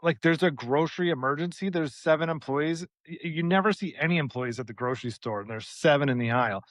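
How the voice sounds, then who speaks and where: Man, podcast cohost, slightly higher voice, animated and exasperated, tight dry studio sound. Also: quick pace, dry recording. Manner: animated, exasperated storytelling with swearing. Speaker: podcast co-host. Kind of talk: casual storytelling chat.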